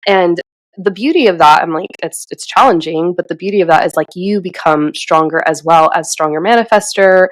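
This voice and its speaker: A woman's voice: fairly low pitch, brisk, dry recording, poor audio. A woman who co-hosts a podcast, speaking earnestly and fluidly in casual conversation. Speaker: podcast co-host.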